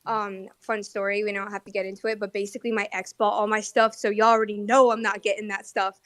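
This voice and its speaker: A woman's voice: mid-range voice, little pitch movement, fast, fairly bright tone, no echo. A young woman hosting a casual online chat, talkative and self-deprecating with lots of fillers. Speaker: host.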